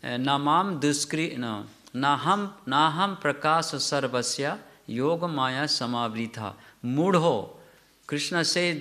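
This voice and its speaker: A man with a fairly high voice teaches a scripture class, telling the story in a halting, self-correcting way. He often stops to put questions to his listeners. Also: lively intonation, bright, forceful tone. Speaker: lecturer.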